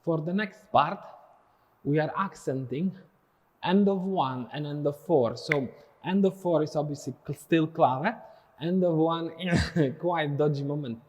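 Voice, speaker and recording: A man's voice: a little high, measured pace. Man teaching dance, vocalizing rhythms. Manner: counts and sings drum rhythms aloud. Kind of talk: follow-along dance lesson.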